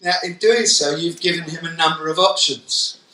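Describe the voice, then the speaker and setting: A man delivers a lively, comic keynote to a room of teachers. His voice is very bright and cutting. He is picked up from a distance in an echoey conference hall. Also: a little high, moderate pace. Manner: comic, animated storytelling. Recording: echoey hall, mic from far off.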